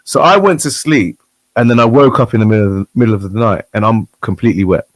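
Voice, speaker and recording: Man telling an animated story. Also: fairly low pitch, fast talker, dry recording. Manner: animated storyteller, acts out quoted voices. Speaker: guest. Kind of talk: casual chat.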